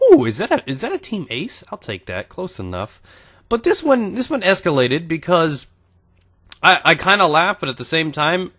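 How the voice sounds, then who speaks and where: Lively young man telling gaming stories. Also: mid-range voice. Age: 20s. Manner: crude joking, animated storytelling. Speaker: gaming YouTuber. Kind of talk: gameplay commentary with storytelling.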